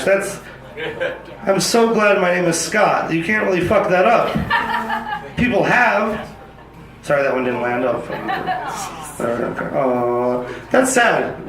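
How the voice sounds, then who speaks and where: A man's voice: fairly high pitch, a little slow, crowd noise. A man performing a crude, self-deprecating stand-up set on a club stage into a handheld mic. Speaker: stand-up comedian. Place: comedy club stage before a live audience. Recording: echoey club with audience laughter.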